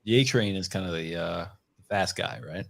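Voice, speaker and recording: A man's voice: low voice, moderate pace, gravelly. A man co-hosting a podcast, trading teasing jokes in casual chat. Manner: teasing, joking banter. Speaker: podcast co-host. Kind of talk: casual draft-night chat.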